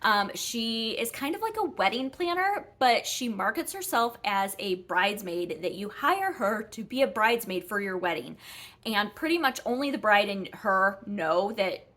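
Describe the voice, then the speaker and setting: A woman's voice: mid-range voice, lively intonation, normal speed, a bit bright. Chatty woman rambling through book reviews. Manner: chatty, rambling, frequent ums and self-corrections. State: a little out of breath. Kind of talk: casual book review chat.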